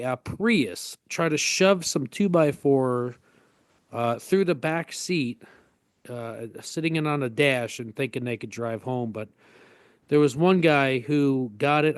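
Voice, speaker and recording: A man co-hosting a casual podcast, spinning stories with lively energy. His voice sits a bit on the high side and gets pushed even higher when he mimics people. The sound is close and dry, with no room around it. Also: no echo. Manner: animated storyteller, jumps high in pitch to act out people. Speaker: podcast co-host. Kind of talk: casual storytelling chat.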